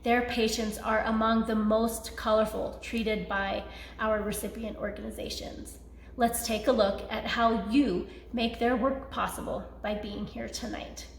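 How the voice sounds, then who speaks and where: A woman's voice: on the high side, steady tone, unhurried, creaky, slight background noise. A woman hosting a charity benefit, reading auction items in an upbeat, promotional way. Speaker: benefit host. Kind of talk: scripted auction announcements. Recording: echoey room.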